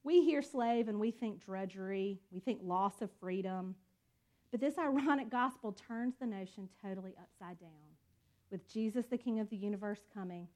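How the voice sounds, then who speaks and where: A woman's voice: mid-range voice, normal speed, darkish tone. A woman teaching a Bible study in an earnest, conversational way, calling her listeners y'all.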